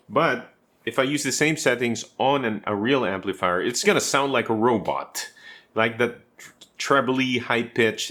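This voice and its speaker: A man's voice: low-pitched, fairly bright tone. A man giving a casual guitar tutorial from his home room, explaining step by step with chatty asides to the viewer. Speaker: guitarist and teacher.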